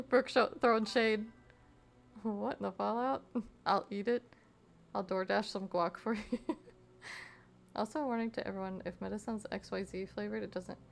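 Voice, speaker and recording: A young woman streams while she crafts, chatting easily with her viewers and reading their messages aloud between giggles. Her voice sits at an ordinary middle pitch, with a gravelly fry running through it. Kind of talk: casual chat with live chat while crafting.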